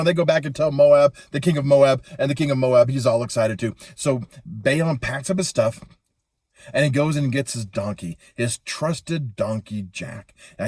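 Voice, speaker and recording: A man telling a Bible story to children in an animated, playful way. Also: medium pitch, no echo, clean studio sound.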